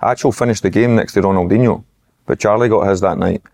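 A man's voice: lowish voice, quick pace, vocal fry, darkish tone. A man with a Scottish accent, a former footballer telling rambling stories as a podcast guest. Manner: rambling, anecdotal storytelling. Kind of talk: casual podcast chat.

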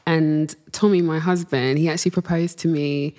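A woman's voice: sits low, fairly even intonation, normal speed, warm tone. Bubbly chatty woman. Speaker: guest singer. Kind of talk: casual chat and home tour.

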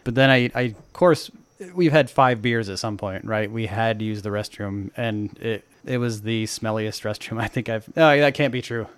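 A man co-hosting a podcast, telling travel stories in a relaxed, chatty way and correcting himself as he goes. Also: lowish voice, moderate pace, clear, resonant tone, no echo. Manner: relaxed storytelling with small self-corrections. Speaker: podcast co-host. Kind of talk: casual chat.

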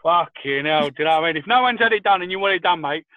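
Give me a high-pitched, foul-mouthed man over a thin, phone-like line, spinning chatty anecdotes. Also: rapid-fire, no echo. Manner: swears freely, animated anecdotes. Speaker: podcast co-host. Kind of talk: casual chat.

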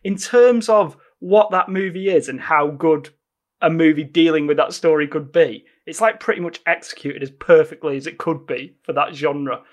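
A man's voice: a little high, normal speed. A man over thirty-five chatting enthusiastically about films he watched, as a podcast co-host. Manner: enthusiastic, chatty, laughs often. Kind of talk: casual film review chat.

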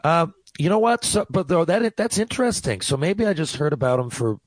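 Talkative sports radio co-host. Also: male voice, on the high side, very animated, a little fast, no room sound, low-quality recording. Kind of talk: casual sports talk.

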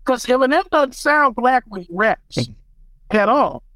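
A man's voice: extremely high pitch, unhurried, dry recording, rough recording. American guy talking hip hop on a podcast, real emphatic, dry mic. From United States. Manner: animated, emphatic storyteller. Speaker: guest beatmaker. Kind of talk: casual podcast chat.

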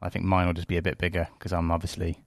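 A man's voice: deep voice, completely flat delivery, rapid-fire, gravelly. A man hosting a podcast, chatting in an easygoing, teasing way and thinking aloud. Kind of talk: casual chat.

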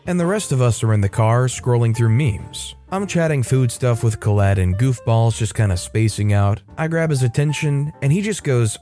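A man narrating scripted online stories, dropping wry, jokey asides as he goes. His voice is mellow and warm, and faint music plays under it. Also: medium pitch, animated, normal speed, hardly any pauses. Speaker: story narrator.

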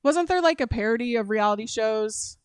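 A woman's voice: on the high side, lively intonation, fairly quick, smooth, no room sound, studio quality. A woman guest on a podcast, chatting casually and agreeably, with many yeahs and ums. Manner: agreeable, frequent yeahs and ums, listing examples. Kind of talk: casual chat.

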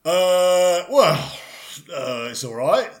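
A man, chatting in a deadpan comedy double act, pedantic and self-assured, rambling with restarts. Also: sits high, extremely slow.

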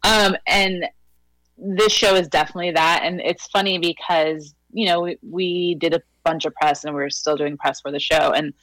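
A woman with a New York Latina accent talks in a relaxed, chatty way as a podcast guest, laughing easily and filling her speech with likes and you-knows. Her voice sits a little low. The sound is dry and close, with no room around it. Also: normal speed, dry recording, poor audio. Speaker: actress guest. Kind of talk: casual podcast conversation.

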